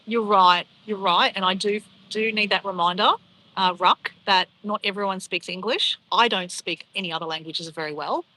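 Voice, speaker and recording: A woman's voice: mid-range voice, moderate pace, sharp tone, poor audio. A young woman chatting casually on a travel live stream, rambling and laughing as she reads viewer comments.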